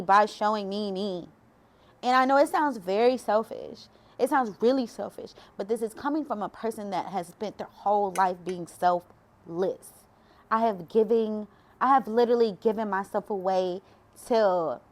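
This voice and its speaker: A woman's voice: mid-range voice, a little mellow. Woman vlogger, heartfelt testimony, preaches as she talks. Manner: emotional, preachy, addresses viewers as y'all. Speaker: faith vlogger. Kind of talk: personal testimony talk.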